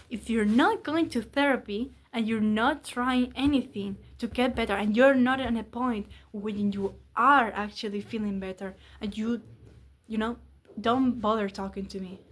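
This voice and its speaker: Young woman venting on a vlog, kinda high voice, rambly and swears a lot. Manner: rambling, candid, swears freely. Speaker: vlogger. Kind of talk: casual confessional vlog.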